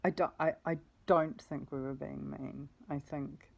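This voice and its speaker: A woman recounting her week in a rambling, self-correcting way, swearing now and then. Her voice sits low and flat, with a gravelly, mellow tone. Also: measured pace, low-quality recording. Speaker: vlogger. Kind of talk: rambling personal storytelling.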